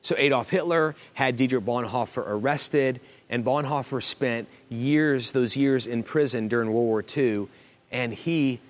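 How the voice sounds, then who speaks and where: A male pastor delivering a sermon in a church auditorium. He speaks earnestly at a mid-range pitch, often stumbling into restarts before pressing a point home through repetition.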